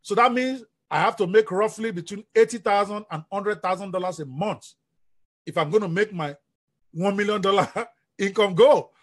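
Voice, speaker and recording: Energetic coach, male, high husky voice, live-stream delivery. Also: moderate pace. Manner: energetic, preacher-like, asks the audience questions. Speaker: business coach.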